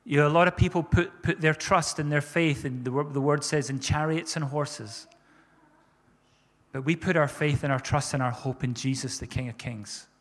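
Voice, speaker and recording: Pastor, male, higher register, fervent preaching with repeated emphatic phrases, reverb of a church hall. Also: normal speed. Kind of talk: sermon.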